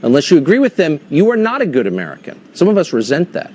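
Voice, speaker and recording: A man's voice: on the high side, wildly swooping pitch, fast, a little mellow. A man hosting a cable news interview segment, asking pointed, skeptical questions. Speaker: host.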